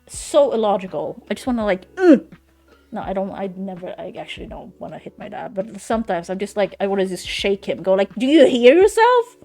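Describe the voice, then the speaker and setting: A young woman talks straight into her desk mic while streaming from home. Her voice sits at a middle pitch, and she speaks frankly and swears freely in loose run-on sentences. Soft music plays quietly behind her. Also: fairly quick. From Sweden. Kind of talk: casual chat.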